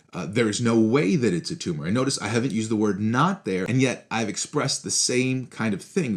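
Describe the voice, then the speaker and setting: Lowish-voiced man giving a casual logic lecture. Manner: conversational, frequent "right?" checks; slows to spell out symbols. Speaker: philosophy instructor.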